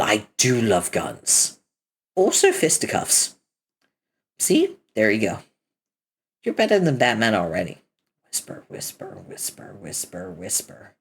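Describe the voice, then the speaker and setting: Woman reading a comic aloud: deep, husky, lively delivery, switches voices between characters. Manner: adds casual commentary between dialogue. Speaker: reader of a webcomic.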